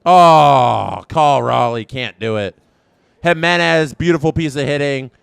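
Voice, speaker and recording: Excitable Canadian man with a strained voice. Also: mid-range voice, moderate pace, vocal fry, smooth, no room sound. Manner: excitable, reacts loudly to plays. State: strained, worn-out voice. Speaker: watchalong host. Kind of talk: live baseball watchalong commentary.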